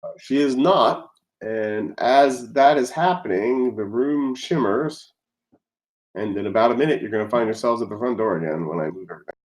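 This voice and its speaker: A man running a tabletop game as game master, narrating scenes and pausing to look things up. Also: mid-range voice, a little mellow.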